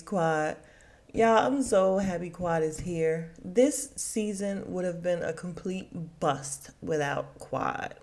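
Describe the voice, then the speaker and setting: A woman's voice: fairly low pitch, slow pace, a little mellow. A woman hosting a podcast, recapping a TV episode in a casual, blunt and opinionated way, swearing freely. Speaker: podcast host.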